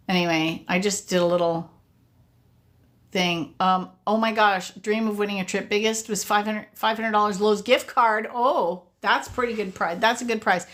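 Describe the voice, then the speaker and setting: A woman chatting casually on a live stream as a sweepstakes coach, excitable and animated, from Canada, and losing her voice. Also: mid-range voice.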